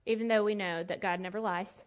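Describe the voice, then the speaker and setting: A woman's voice: medium pitch, steady tone, fairly quick. A woman teaching a Bible lesson in a casual sermon style, conversational and emphatic with plain slangy asides.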